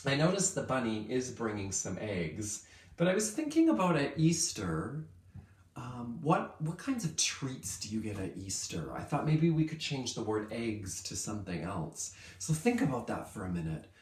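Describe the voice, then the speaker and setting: A male kindergarten teacher giving a lesson to young children in an upbeat way, stretching words out slowly so they can follow. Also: mid-range voice, big pitch swings, a little mellow, roomy sound.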